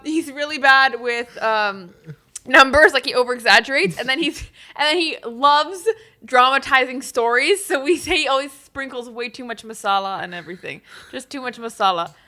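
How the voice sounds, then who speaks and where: A woman co-hosts a relaxed chat in a high, bright voice. She talks in a chatty, teasing way and laughs easily at her partner's stories. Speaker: podcast co-host. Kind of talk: casual chat.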